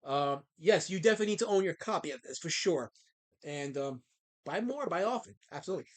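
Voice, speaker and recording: A man's voice: fairly high pitch, lively intonation, quick pace. A middle-aged man who creates comics, chatting casually on a live stream, rambling with many fillers and snapping back at his chat.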